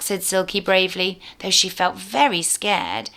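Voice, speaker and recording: A woman, a teacher, reading a storybook aloud to young children with clear, expressive storytelling. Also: fairly low pitch, unhurried, few pauses.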